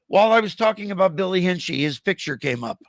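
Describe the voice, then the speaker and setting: A man's voice: high-pitched, lively intonation, fast, gravelly, no echo. An older man hosting a podcast, telling rambling anecdotes full of restarts and acted-out quotes over a video call from a home room. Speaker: podcast host. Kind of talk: casual storytelling chat.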